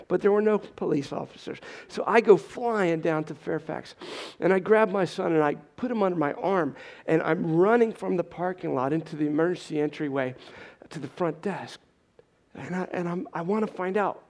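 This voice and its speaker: Pitched high with a darkish tone, a middle-aged man delivers an emotional personal testimony to an audience. His retelling is intense, earnest and urgent.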